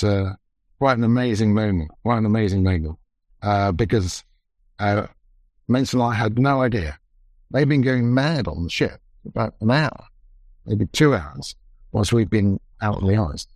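A man who led an expedition, recounting events in a measured, reflective, halting way during a conversation. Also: on the low side, darkish tone, no room sound. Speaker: expedition leader.

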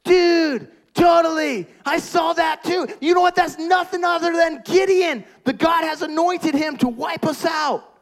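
A man voicing an excitable young male soldier as a surfer bro, shouting in a drawling slang. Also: sits high, quick pace, creaky, hardly any pauses, slightly rough, exaggerated voice. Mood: excited.

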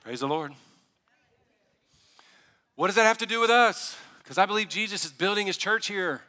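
Male pastor, lively sermon delivery with folksy asides, bright and slightly high voice, long reverb of a church hall. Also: normal speed. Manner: animated, building to fired-up preaching with asides. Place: church sanctuary.

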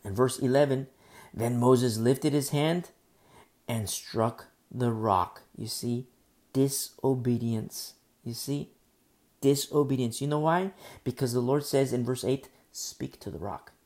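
A man's voice: medium pitch, slow, a little mellow. A man preaching a sermon, teaching through a Bible passage and repeating key phrases for emphasis. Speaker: pastor.

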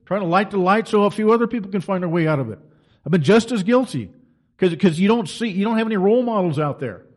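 A man's voice: high voice, animated, fast. A middle-aged man delivering an impassioned, preaching monologue as a Christian commentator, emphatic and full of rhetorical questions.

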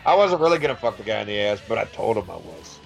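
A man's voice: lowish voice, sing-song, quick pace, vocal fry, faint music behind. A man in casual podcast chat, telling a profane story, laughing and stammering as he goes.

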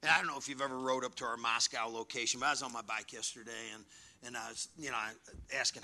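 A man preaching a sermon, telling stories and swinging from hushed asides to near-shouting. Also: medium pitch, little pitch movement, quick pace. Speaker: pastor.

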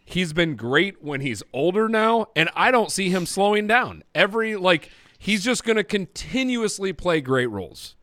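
A man with a slightly high voice chats on a podcast and teases his friends. He states firm opinions. The sound is dry and close. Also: big pitch swings, moderate pace, pushed and bright, dry recording. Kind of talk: casual chat.

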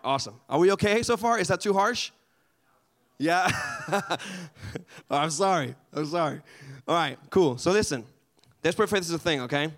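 Animated man leading a Bible study. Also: fairly high pitch. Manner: animated, conversational, asks the group questions. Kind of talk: casual Bible study teaching.

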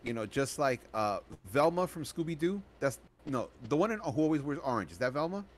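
A man co-hosting a podcast, asking probing questions in relaxed conversation with joking asides. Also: fairly high pitch, brisk. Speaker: podcast co-host. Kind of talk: casual movie review chat. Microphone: podcast microphone.

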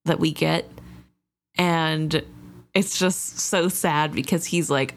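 A woman's voice: deep voice, takes it slowly, long pauses. A woman co-hosting a casual book chat, talking with open emotion about the story. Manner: emotional, openly expressive. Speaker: book discussion co-host.

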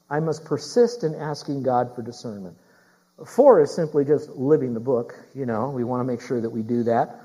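A man's voice: medium pitch, dark tone, slightly rough, rough recording. A middle-aged man preaching a sermon as a pastor. He speaks emphatically, repeats his key phrases and puts questions straight to the congregation.

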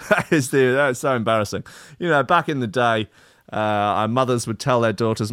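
A man's voice: lowish voice, moderate pace, a bit bright, smooth, dry recording, clean studio sound. A man hosting a podcast, reading the news aloud with wry, mocking asides and frequent giggles. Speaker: podcast host. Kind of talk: comedic news-reading chat.

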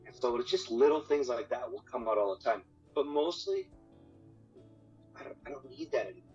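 A man's voice: mid-range voice, expressive, a little fast, a little mellow. A man guest in an interview, talking casually and with energy, swearing freely and repeating words, about marriage. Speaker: podcast guest, marriage coach. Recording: dull lo-fi audio with faint music.

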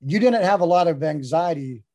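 A man's voice: on the high side, lively intonation, normal speed, darkish tone. Give me a man interviewing a guest in a casual chat, encouraging him and prompting him with questions.

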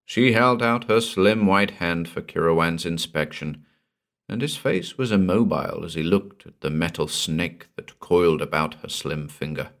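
A man reading a pulp horror story aloud as narrator, in an expressive storytelling manner. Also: sits low, moderate pace, creaky.

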